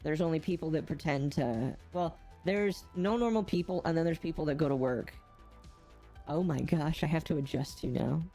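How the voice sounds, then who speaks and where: A woman's voice: low voice, normal speed, mellow, faint music behind. A woman hosting a game livestream, chatty and giggly, often exclaiming as she talks. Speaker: streamer host. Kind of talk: casual livestream chat.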